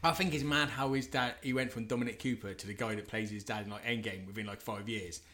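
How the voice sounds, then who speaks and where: A man's voice: lowish voice, steady tone, quick pace, crowd noise. A man co-hosting a casual sports radio chat, swearing freely and laughing often. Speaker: podcast co-host.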